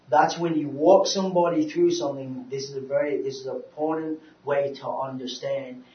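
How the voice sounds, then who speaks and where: A man's voice: mid-range voice, slight background noise. Guy preaching from far off in a big roomy hall, stumbles and repeats himself, dull sound. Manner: halting, repeats words, swings from loud urging to quiet. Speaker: speaker on depression, preacher. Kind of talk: sermon with personal testimony.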